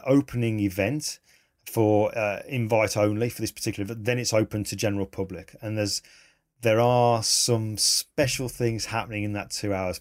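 A man, a photographer telling animated, enthusiastic stories in a casual interview. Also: fairly low pitch. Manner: animated, enthusiastic, laughs mid-story.

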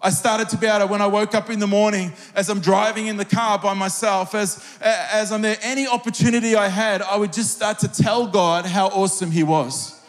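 A man's voice: high-pitched, fairly even intonation, fairly quick, few pauses. A middle-aged man, a pastor, preaching a sermon with an earnest, personal storytelling manner that builds into fervent prayer. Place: large church hall. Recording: long hall reverb.

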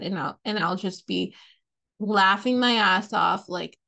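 A woman's voice: mid-range voice, very slow, creaky, pauses often, a bit bright. A young adult woman hosting a podcast, ranting casually and profanely, laughing often. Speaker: podcast host.

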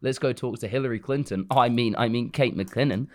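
A man voicing a cheerful, naive female doll in a soft, sing-song way while retelling a film for laughs. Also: medium pitch, fairly quick, close to an everyday voice. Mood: breezy. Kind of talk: mock retelling.

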